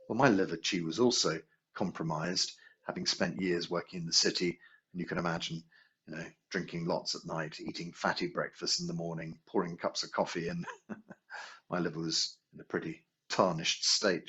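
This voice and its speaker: A man with a very low, husky voice leads a healing class in a relaxed, storytelling way. He asks his listeners rhetorical questions as he talks. The recording is dull and muffled, like low-quality video sound. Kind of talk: conversational teaching talk.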